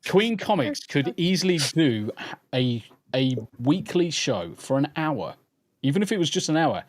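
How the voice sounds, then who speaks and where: A man's voice: a little high, sing-song, a little slow. A British man hosting a podcast, chatting casually with sweary, jokey banter. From Britain. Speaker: podcast host. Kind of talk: casual chat.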